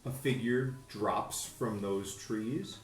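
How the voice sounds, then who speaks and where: Man narrating as game master. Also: on the low side. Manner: halting, many fillers. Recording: echoey room, faint music.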